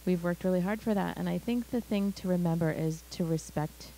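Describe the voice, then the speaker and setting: A woman on a live community panel who speaks in an earnest, steady way. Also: lowish voice, fairly quick, a little hiss or hum, poor audio. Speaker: parent panelist.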